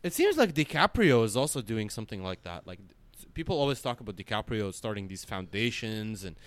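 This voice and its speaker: Chatting on a podcast as a co-host, this man rambles with plenty of fillers, frequent swearing and animated energy. His voice is fairly low and a little fast.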